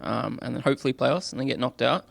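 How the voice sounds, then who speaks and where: A man's voice: mid-range voice, fast talker, vocal fry, no echo. A man, a player, explaining plans in a casual, matter-of-fact way.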